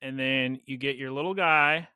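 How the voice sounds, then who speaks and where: Bright, animated male podcast host. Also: mid-range voice, moderate pace, clean tone, no room sound, clean studio sound. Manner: animated, laughing storyteller. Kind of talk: casual podcast chat.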